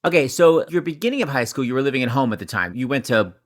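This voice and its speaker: A man's voice: mid-range voice, quick pace, dry recording, studio quality. A man hosting a podcast, chatting casually and telling jokey stories. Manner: animated, jokey storytelling. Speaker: podcast host. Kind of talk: casual chat.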